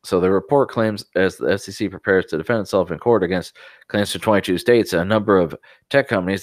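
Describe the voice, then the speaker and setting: Low-voiced man reading tech news. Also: no echo, studio quality. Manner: sarcastic asides between read passages. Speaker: podcast co-host. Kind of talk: casual chat, reading news articles aloud.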